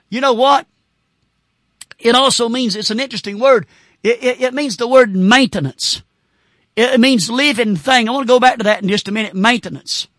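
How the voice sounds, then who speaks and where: A man preaching with fervor, breaking into shouts and whoops between his points. His voice sits high and sounds bright and tense. The sound is dry and close, with no room around it. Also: dry recording. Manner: fervent, shouting bursts and whoops. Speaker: Baptist pastor. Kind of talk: sermon.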